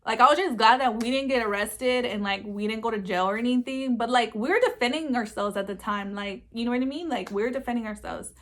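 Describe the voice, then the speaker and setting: A chatty young woman with a slightly high voice tells a storytime for her vlog. She talks loosely and laughs easily, with "like" and "um" all through her sentences. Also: quick pace, hardly any pauses. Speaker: vlogger.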